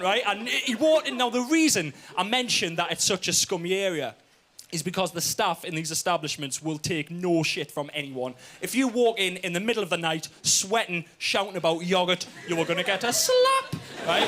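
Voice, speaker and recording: A young man with a Geordie accent performing stand-up comedy, telling a story with lively "right?" asides. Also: high-pitched, a little fast, slight background noise. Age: young adult.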